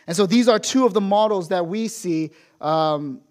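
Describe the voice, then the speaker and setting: A man's voice: sits high, moderate pace, a little mellow. A man preaching a sermon in a storytelling way, acting out quotes and asking rhetorical questions. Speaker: pastor.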